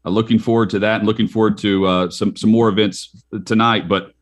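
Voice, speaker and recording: A man with a lowish voice co-hosts a sports talk show. He is upbeat and promotes upcoming events as he chats. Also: fairly even intonation, brisk. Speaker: co-host.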